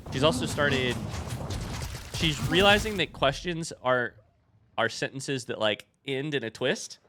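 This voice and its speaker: A man's voice: mid-range voice, background noise. A man in his thirties giving casual, chatty commentary while playing a video game, telling stories and poking fun at himself. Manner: chatty, self-mocking, storytelling between fights. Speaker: streamer.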